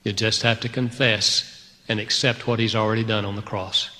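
A man preaching a sermon to a congregation, telling a personal story in an animated way, swinging between loud outbursts and hushed, quiet passages. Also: lowish voice, moderate pace, long reverb tail. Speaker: pastor.

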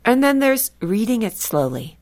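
A woman from California, a guest author speaking earnestly and reflectively in a faith radio interview, slowing down to stress key words. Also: on the high side, very animated, darkish tone. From California, USA.

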